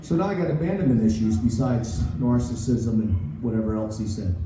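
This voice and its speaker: A man's voice: medium pitch, fairly quick, noisy background. A man in his sixties doing a rambling, self-mocking stand-up set at a comedy club. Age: 60s. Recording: echoey club recorded from far off.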